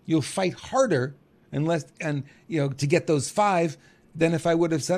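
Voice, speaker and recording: A middle-aged man talking in a casual monologue as a podcast host, animated and chuckling, acting out quotes. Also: moderate pace. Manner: animated, acts out quotes with big pitch jumps, chuckles.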